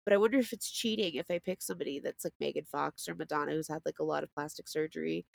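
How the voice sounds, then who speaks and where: A woman's voice: sits low, steady tone, fast, gravelly, dry recording. A woman in her thirties co-hosting a podcast, chatting frankly and swearing casually. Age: 30s. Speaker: podcast co-host. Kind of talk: casual chat.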